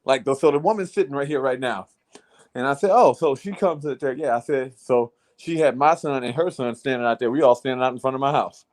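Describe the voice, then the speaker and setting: A man tells friends a long story in casual chat, blunt and profane, repeating "I said" as he recounts it. His medium-pitched voice is brisk and a little mellow.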